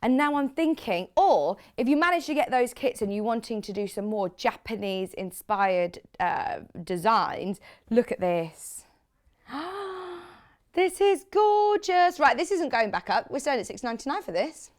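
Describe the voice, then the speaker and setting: A woman's voice: mid-range voice, lively intonation, moderate pace. Gushing woman presenting on shopping TV. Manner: gushing, chatty, reads out viewer comments. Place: TV studio.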